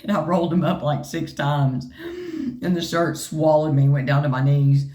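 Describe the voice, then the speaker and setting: A woman's voice: deep voice, steady tone, moderate pace, mellow, roomy sound. A woman vlogger casually telling a funny story to her viewers in a chatty, joking way, acting out quoted lines. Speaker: vlogger sharing her health journey.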